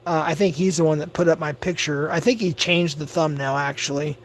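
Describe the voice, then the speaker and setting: A man's voice: fairly high pitch, steady tone, fairly quick, a little hiss or hum. An agitated man ranting on his livestream, stammering and repeating himself. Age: adult. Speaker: livestream host. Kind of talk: livestream rant.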